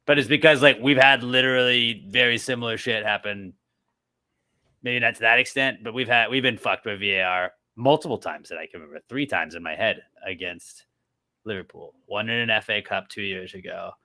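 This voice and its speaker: A man's voice: on the low side, fairly quick, pushed and bright, no room sound. A man co-hosting a casual sports podcast, rambling with frequent restarts and casual swearing. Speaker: podcast co-host.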